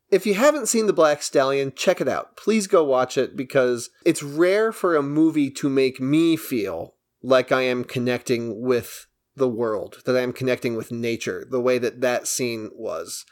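A man co-hosting a casual film podcast, walking through a movie's story with obvious enthusiasm. His voice sits at an ordinary middle pitch, and he keeps the plot retelling going at length. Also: measured pace, few pauses. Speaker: podcast co-host. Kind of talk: casual film review chat.

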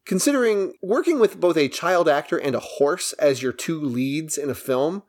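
A man's voice: fairly high pitch, animated, moderate pace. A man co-hosting a film podcast, eagerly recapping a movie's plot in casual chat. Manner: enthusiastic, recaps plot at length. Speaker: podcast co-host.

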